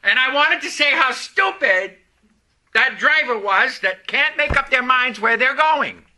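A male preacher with a fairly high, very bright voice and a slow, deliberate delivery. He moves from quiet prayer into storytelling, leaning harder on key words as he goes. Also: lively intonation. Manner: prays softly, then tells a story with rising emphasis. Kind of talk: sermon.

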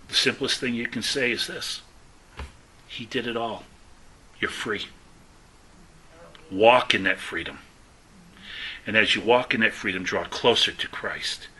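A man preaching a testimony-style sermon, telling stories and acting out the dialogue, often dropping to a hushed voice for the quoted lines. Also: fairly low pitch, slight background noise, rough recording.

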